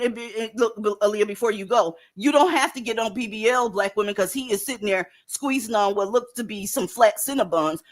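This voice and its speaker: A blunt, profane woman talks straight at her viewers in casual commentary. Her voice sits fairly high and swings with emphasis. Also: fairly bright tone. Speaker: commentary host.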